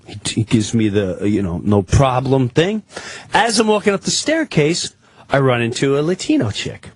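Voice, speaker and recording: A man telling a rambling, excitable story as a guest on a talk-radio show, acting out the people in it. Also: mid-range voice, normal speed, husky.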